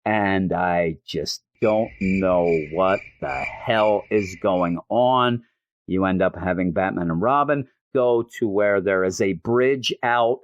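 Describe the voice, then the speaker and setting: A man's voice: sits low, slow pace, no echo, lo-fi sound. A man hosting a comic review show, recapping an issue with wry, rambling asides. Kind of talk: casual comic book recap.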